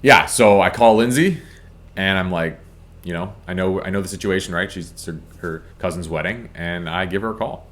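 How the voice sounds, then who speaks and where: Male co-host, deep voice, relaxed anecdotal delivery. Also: moderate pace. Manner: relaxed, chatty anecdote teller. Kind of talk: casual storytelling.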